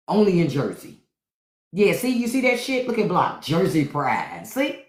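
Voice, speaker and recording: A middle-aged woman from Washington, DC, hosting a casual livestream and telling profane, animated stories. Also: medium pitch, moderate pace. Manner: animated, profane storytelling with acted-out quotes. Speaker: podcast host on a live stream. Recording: roomy echo.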